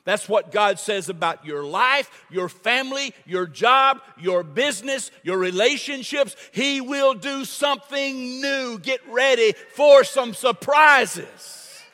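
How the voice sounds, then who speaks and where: High-voiced older preacher in a reverberant church. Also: male voice, a little slow, hardly any pauses, bright, forceful tone. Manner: call-and-response preaching, repeats phrases for emphasis. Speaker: pastor. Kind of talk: sermon. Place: church sanctuary. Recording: long hall reverb.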